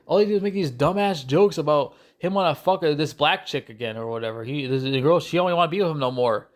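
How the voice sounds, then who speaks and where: A man's voice: on the high side, quick pace. A man ranting angrily through a video movie review, swearing and repeating himself, with frequent restarts. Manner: angry, profane, repetitive ranting; restarts and stumbles often.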